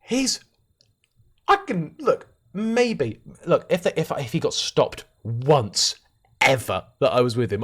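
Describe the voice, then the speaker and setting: A young man talks live to his stream audience from a desk mic. He jokes constantly, breaks into laughter and lets his voice leap up and down. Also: slow. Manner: joking, animated, laughs often and swings in pitch.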